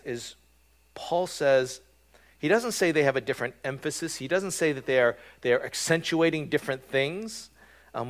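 A man preaching a sermon in a relaxed, conversational way, often checking in with his listeners with "right?" and filling pauses with "um". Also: medium pitch. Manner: conversational, frequent "right?" and "um" fillers. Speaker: pastor.

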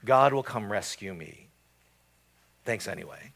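A man's voice: on the low side, animated, unhurried, gravelly, a bit bright, heavily acted. A man voicing a stubborn drowning man in a joke told during a sermon, pleading and insistent.

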